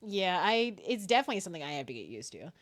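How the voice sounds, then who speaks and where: A woman's voice: fairly low pitch, fast talker. A woman streamer chatting casually and rambling nervously, with frequent giggles. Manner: animated and giggly, frequent laughter; self-described very nervous, rambling with restarts. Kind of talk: casual live-stream chat.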